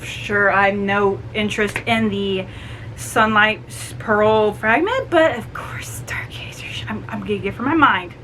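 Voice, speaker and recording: A woman voicing Obsidian, a calm, aloof masked male warrior, in a lower, even voice while retelling a book. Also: measured pace, slight background noise, rough recording.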